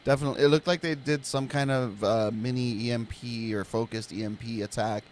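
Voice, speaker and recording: A man chatting on a casual podcast at an ordinary mid pitch. He often stammers and restarts before finding his point. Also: steady tone, brisk, slight background noise. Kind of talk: casual chat.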